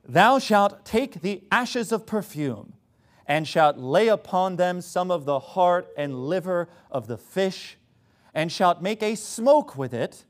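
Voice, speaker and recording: A man's voice: high-pitched, animated, takes it slowly. A preacher voicing a pompous, pseudo-intellectual male reader in a mock British accent, reading old scripture with mock solemnity.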